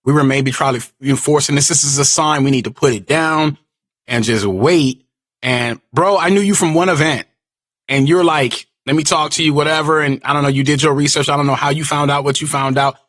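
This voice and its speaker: A man in casual podcast chat, excited and talkative, often saying bro and like. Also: fairly high pitch, brisk.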